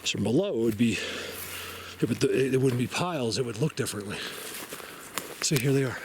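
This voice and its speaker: Out in a forest, a male vlogger with an ordinary-pitched voice rambles excitedly to his camera at a fairly quick pace. He keeps it casual, laughs often and hops between thoughts, with steady outdoor noise clearly audible behind him.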